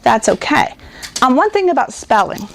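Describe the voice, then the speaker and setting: A woman who runs a reading curriculum, giving parents a patient, explanatory talk on teaching phonics and spelling and sounding words out slowly. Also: high voice, sing-song. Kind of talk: instructional talk to homeschool parents.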